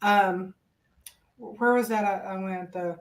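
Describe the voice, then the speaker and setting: A woman co-hosting a casual chat, telling a relaxed, rambling story with fillers and restarts. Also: mid-range voice, slow, rough recording. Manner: relaxed, rambling, loses her thread with fillers. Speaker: podcast co-host.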